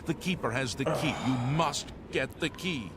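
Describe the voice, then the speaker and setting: A man's voice: medium pitch, expressive, normal speed, noisy background, close to an everyday voice. An actor voicing a desperate male captive in a video game, pleading urgently from a cage.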